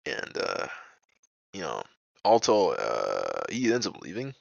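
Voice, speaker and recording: A man's voice: rumbling low, huge pitch swings, slow pace, creaky, dry recording, dull audio. A young man telling a personal story in a casual vlog, rambling and profane, full of "bro" and "like". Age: young adult. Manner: agitated, indignant retelling.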